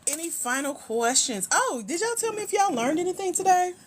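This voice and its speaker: A middle-aged woman hosting a casual livestream, a grant coach who chats with viewers in a teasing, slangy, relaxed way while walking around at home, a little tired. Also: very high-pitched, a little fast, a little hiss or hum. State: tired, low energy.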